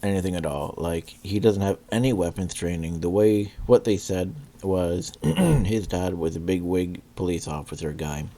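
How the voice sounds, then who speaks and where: Male reviewer, deep mellow voice, loose rambling delivery full of ums, frequent coughs. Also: lively intonation, normal speed, few pauses. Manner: rambling, many fillers and restarts; clears throat and coughs often. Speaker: movie reviewer. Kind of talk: casual spoken review.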